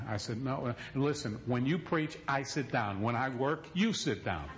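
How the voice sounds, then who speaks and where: A middle-aged male pastor preaching an animated sermon, swinging between loud stretches and hushed ones. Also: medium pitch, normal speed, dull audio, a little hiss or hum.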